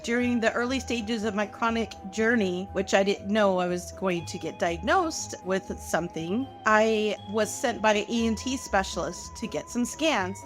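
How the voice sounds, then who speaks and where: A woman's voice: medium pitch, normal speed, few pauses, faint music behind. A woman, a patient advocate, earnestly telling a personal story in a podcast interview and acting out the dialogue. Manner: earnest, animated retelling with quoted dialogue.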